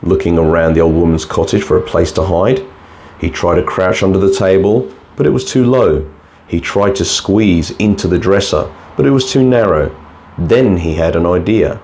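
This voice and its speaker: A man with a very deep voice reads a bedtime fairy tale aloud. His delivery is calm and steady, paced like a storyteller settling children down. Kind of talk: scripted bedtime story narration.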